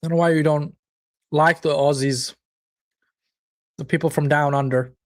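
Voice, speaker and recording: A man's voice: a little high, fairly even intonation, normal speed. A man hosting a live football watchalong, chatting casually, reacting to the match and viewers' comments, with occasional swearing. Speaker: watchalong host.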